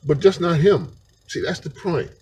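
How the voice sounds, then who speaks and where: A man's voice: fairly high pitch, lively intonation, moderate pace, a little mellow, breathy edge. A man talking straight to camera in an unscripted monologue, rambling and slangy and often breaking into laughter. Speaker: vlogger.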